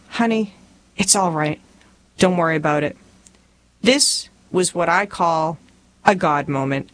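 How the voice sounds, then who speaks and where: Folksy Southern woman reading her memoir. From rural Tennessee. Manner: folksy, humorous storytelling with lively pitch. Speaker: memoir narrator.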